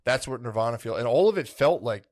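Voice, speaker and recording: A man's voice: medium pitch, lively intonation, quick pace, a little mellow. A man co-hosting a podcast, telling a long rambling story in casual chat, full of "like" and "dude" and acting out his own past thoughts. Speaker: podcast co-host.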